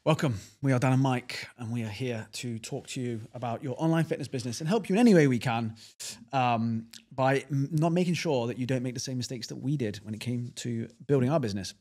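A man's voice: medium pitch, fairly quick, dark tone. A man co-hosting a casual podcast in a studio, chatty and rambling, laughing often. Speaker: podcast co-host.

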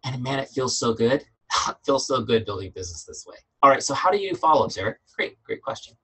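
A man's voice: mid-range voice, lively intonation, fast talker, fairly bright tone, husky, rough recording. A middle-aged man leading a business training webinar, emphatic and fired up, repeating his key points. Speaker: business coach.

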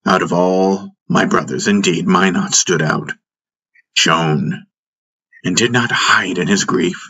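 A man narrating an audiobook in the first person, in a measured, solemn way. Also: low-pitched, fairly even intonation, bright, forceful tone, husky.

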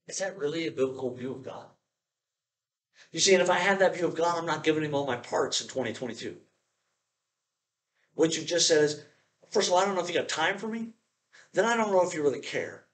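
A man's voice: fairly high pitch, brisk, long pauses, rough recording. A man preaching a sermon in a conversational way, often checking in with his listeners and acting out prayers in a raised, pleading voice. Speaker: pastor.

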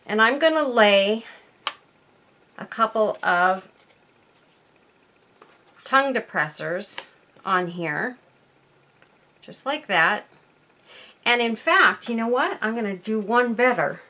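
A woman's voice: fairly high pitch, lively intonation, slow, pauses often, bright, forceful tone. A woman hosting a casual crafting tutorial at her workbench, chatting to viewers and thinking aloud as she works. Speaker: crafting channel host.

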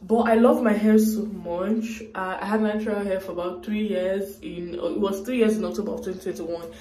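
A woman's voice: mid-range voice, steady tone, moderate pace, hardly any pauses, warm tone, echoey room. A young woman from Nigeria chatting to camera at home in a rambling, emotional way as a vlogger. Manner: rambling, emotional, talks straight to viewers. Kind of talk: casual chat to camera. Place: room at home.

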